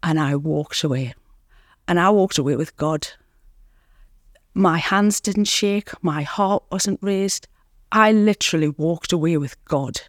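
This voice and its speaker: A woman's voice: fairly low pitch, no room sound, studio quality. Earnest woman telling her story. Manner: earnest, reflective storytelling with pauses. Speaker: guest in recovery. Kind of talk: candid interview talk.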